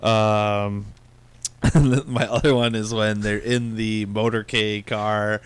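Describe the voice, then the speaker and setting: A man co-hosting a casual movie review podcast, relaxed and laughing along with his co-host. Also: on the low side, takes it slowly, clear, resonant tone, dry recording. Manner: relaxed, laughing, agreeable banter.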